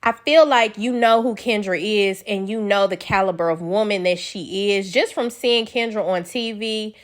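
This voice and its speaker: A woman recapping a reality show in a casual, blunt, animated way, swearing freely and acting out quotes. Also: medium pitch. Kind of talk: casual chat.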